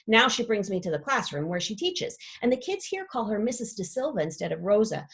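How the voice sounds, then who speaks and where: A woman reads a children's book aloud, doing a full character voice as a chatty, dramatic classroom pet parrot who makes up rhymes. Her voice is husky and a little fast, and the storytelling is lively, with playful rhymes and pitch leaps.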